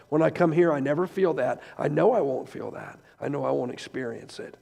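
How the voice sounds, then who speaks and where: An older man preaching, emotional and rambling at first, then rising loud and fervent. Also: on the high side, expressive, a little fast, creaky, few pauses. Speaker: traveling preacher. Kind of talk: sermon. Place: church sanctuary. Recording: echoey church hall.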